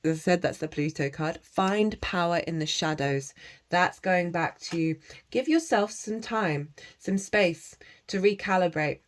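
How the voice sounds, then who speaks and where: A woman's voice: on the low side, unhurried. A woman giving a casual tarot reading to camera. She is chatty and encouraging, laughs often, and breaks into chanted made-up syllables. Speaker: tarot reader.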